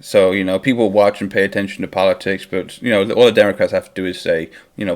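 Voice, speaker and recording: Host, male, low voice, opinionated and rambling, loose live-stream chat. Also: fast talker, gravelly. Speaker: host of a football watchalong stream.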